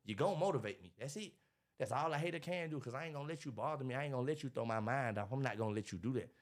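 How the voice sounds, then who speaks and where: A man, talking in a casual interview about his life, animated and preachy, acting out what others say. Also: medium pitch, racing. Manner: animated, preachy storytelling with acted-out quotes. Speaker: podcast guest, motivational speaker.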